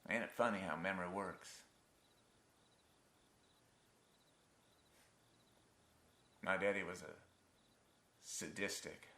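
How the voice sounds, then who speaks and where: A wry, haunted son with a folksy rural drawl; lowish but bright, with a roomy theatre echo. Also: male voice. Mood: bitter. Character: grown man haunted by his abusive father. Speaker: actor in a stage monologue. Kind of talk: theatrical monologue. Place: theatre stage.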